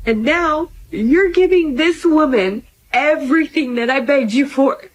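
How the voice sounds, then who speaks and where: A woman's voice: high voice, measured pace, a little hiss or hum, low-quality recording. A woman in her forties venting to camera in a hurt, bitter way about her husband. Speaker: woman in a viral clip.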